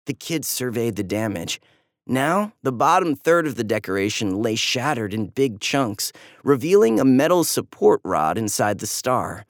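A storyteller reading a children's story aloud with animated, lively delivery. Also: medium pitch, moderate pace, no room sound, clean studio sound.

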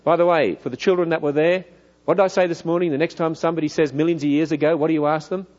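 A middle-aged man with an Australian accent, preaching in a church hall, lively and full of rhetorical questions. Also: fairly high pitch, fast, muffled recording. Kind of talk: church lecture.

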